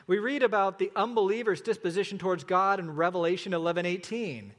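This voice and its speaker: A man preaching a sermon as a pastor, earnest and emphatic, slowing down for repeated points. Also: sits high, fairly bright tone, in a large hall.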